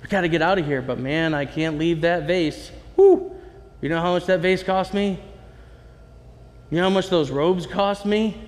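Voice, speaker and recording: A man's voice: high voice, normal speed, a little mellow, big-room sound, close to an everyday voice. A man voicing a fretful rich man who won't leave his belongings behind, whining over what they cost.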